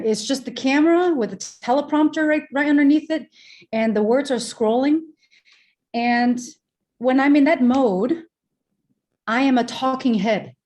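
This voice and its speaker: Expressive woman guest, projecting energetically. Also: fairly high pitch. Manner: expressive, projecting, explains with examples. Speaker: guest, presenter and speaking coach. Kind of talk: animated interview talk. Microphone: remote call mic.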